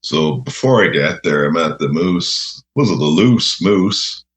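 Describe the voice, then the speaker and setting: Slow, very deep-voiced man. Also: animated, a bit bright. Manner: laughing, rambling anecdotes, says "eh". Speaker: radio host guest. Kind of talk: casual storytelling.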